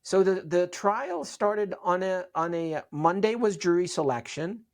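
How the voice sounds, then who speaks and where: A man's voice: sits high, unhurried. A middle-aged man from Syria, telling his story as an interview guest, earnest and often repeating words as he restarts.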